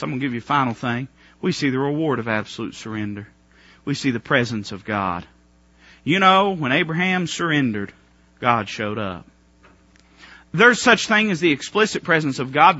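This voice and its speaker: Preacher guy, bright lively voice, goes loud then real quiet, kinda dull dry recording. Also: on the high side, husky, no echo. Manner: folksy, emphatic, swings from loud to hushed. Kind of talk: sermon.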